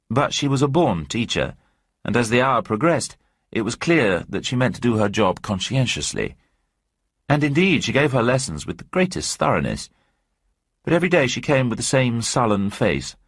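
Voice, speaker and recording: A man reads a short story aloud at a measured storytelling pace. His low voice is a touch husky. It rises and falls expressively and sounds dry and close to the mic. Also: no echo. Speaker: narrator. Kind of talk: scripted narration of a short story.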